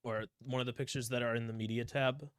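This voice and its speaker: A man's voice: medium pitch, steady tone, quick pace, background noise. A young man from Ohio, co-hosting a podcast, telling rambling stories full of swearing. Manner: profane, rambling storytelling with frequent swearing. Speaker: podcast co-host. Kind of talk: casual chat.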